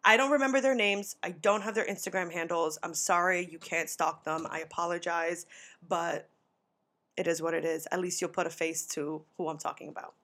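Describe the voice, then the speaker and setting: A young woman hosting a podcast, telling a story casually, swearing freely, saying 'like' constantly and acting out what people said with sudden jumps in pitch. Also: normal speed. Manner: animated, swearing, heavy on filler 'like'. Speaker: podcast host.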